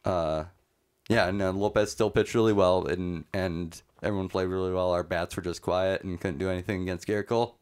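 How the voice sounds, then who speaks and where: A man's voice: low-pitched, steady tone, a little fast, a little mellow, clear, resonant tone. A man co-hosting a casual sports podcast, recapping games in a chatty way with many fillers.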